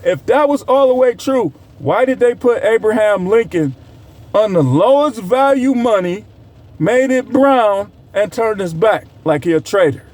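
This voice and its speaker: High-voiced man on a heated rant. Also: animated, measured pace, darkish tone. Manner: heated, scolding, sarcastic, swings pitch to mock. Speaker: commentary creator. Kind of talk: ranting commentary.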